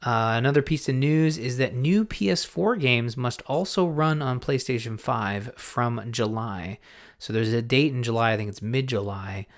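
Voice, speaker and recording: Rambling, excitable man hosting a podcast. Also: mid-range voice, normal speed. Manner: rambling, self-interrupting, excitable. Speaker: podcast host. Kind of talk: casual chat.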